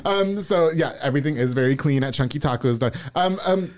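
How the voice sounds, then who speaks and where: Fast-talking chatty male podcast host. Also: on the high side, animated. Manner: switches between English and Spanish, halting word searches; chatty, laughs often. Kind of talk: casual interview chat.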